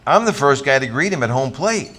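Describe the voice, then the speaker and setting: An older man, a former pro athlete, giving a motivational talk full of personal stories that he acts out with lively, sometimes loud energy. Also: medium pitch, brisk. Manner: animated storyteller who acts out scenes, loud when excited.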